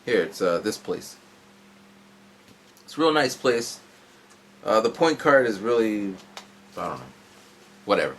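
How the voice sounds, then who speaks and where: A man's voice: fairly low pitch, very animated, a little slow, long pauses, slight background noise. A man in his forties telling a long, rambling story in a casual vlog from home, jumping around as he goes. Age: 40s. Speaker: vlogger. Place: at home indoors.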